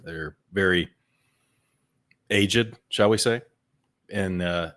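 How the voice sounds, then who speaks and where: A man with a very low voice talks through a relaxed podcast conversation. He tells stories at an easy pace and stumbles over repeated words as he gathers his thoughts. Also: slow pace. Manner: repeats words while hunting for a thought, storytelling. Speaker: podcast co-host. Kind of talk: casual chat.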